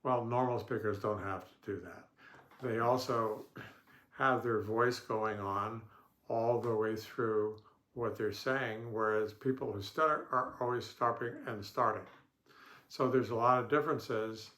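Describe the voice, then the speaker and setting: A man speaking as a stuttering therapist, giving a calm instructional talk in slow, deliberate phrases with pauses and the odd throat-clear. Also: on the low side. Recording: echoey room.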